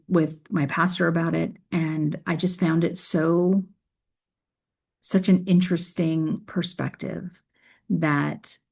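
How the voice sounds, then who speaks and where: Woman, low gravelly voice, earnest reflective faith talk mixing scripture reading with casual commentary. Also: darkish tone. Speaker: faith video creator.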